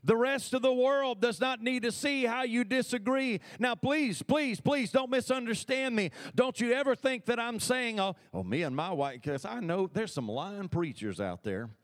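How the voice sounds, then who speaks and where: A man's voice: very high-pitched, animated, normal speed, hardly any pauses. A man preaching a sermon as pastor, talking conversationally and calling for responses from the congregation. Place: church sanctuary.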